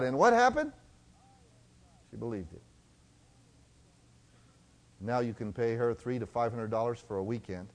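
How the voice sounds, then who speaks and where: A male preacher giving a sermon, swinging between loud exhortation and hushed tones and slowing down to read scripture. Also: mid-range voice, lively intonation.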